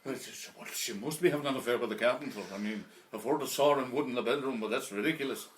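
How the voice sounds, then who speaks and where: A man's voice: medium pitch, fast talker, a little hiss or hum. A man doing a stand-up routine of pub jokes, rambling through his stories with lots of restarts and fillers. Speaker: comedian. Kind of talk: stand-up pub joke telling.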